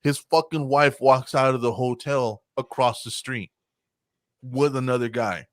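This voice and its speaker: Man, podcast co-host, casual profane storytelling, mid pitch, dry close sound. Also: unhurried, no echo. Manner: profane, animated, acts out voices in anecdotes.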